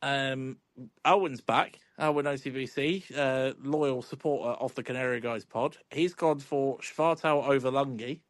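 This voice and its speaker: A man's voice: mid-range voice, measured pace, no room sound. A man hosting a football podcast, laid-back and chuckling, with lots of ums. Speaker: podcast host. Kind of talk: casual chat.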